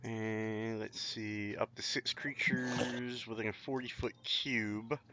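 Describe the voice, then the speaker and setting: A man's voice: fairly low pitch, flat delivery, slow pace, pushed and bright, slight background noise. A man playing a tabletop role-playing game, hesitating and thinking aloud about his move. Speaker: player. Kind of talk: casual tabletop game play. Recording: dull lo-fi sound.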